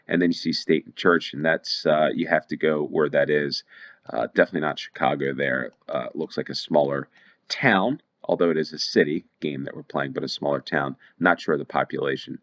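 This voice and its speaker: Very deep-voiced man commentating a game. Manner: thinks aloud, rambling with restarts. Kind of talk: casual play-along commentary.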